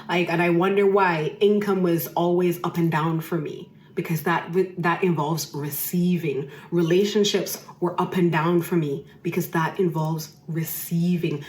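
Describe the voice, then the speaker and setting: Expressive woman, roomy echo. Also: lowish voice. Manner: emphatic, repeats phrases for effect. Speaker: podcast host. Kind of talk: personal storytelling monologue.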